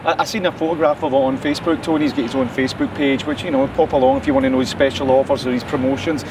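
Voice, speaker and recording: A man's voice: medium pitch, steady tone, racing, recorded from a distance, background noise. A man co-hosting a local what's-on show, rambling casually and laughing easily. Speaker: co-host. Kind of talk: casual chat show banter.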